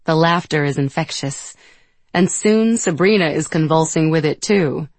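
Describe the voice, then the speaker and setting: A woman narrating an audiobook in a measured, gentle storytelling manner, close to the mic. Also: low voice, no room sound. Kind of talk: scripted narration.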